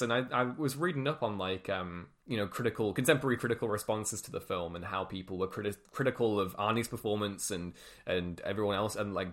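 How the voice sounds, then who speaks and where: A man's voice: on the low side, a bit bright. A young man in his twenties, a podcast co-host, talking casually and enthusiastically about a film with many fillers and restarts. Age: 20s.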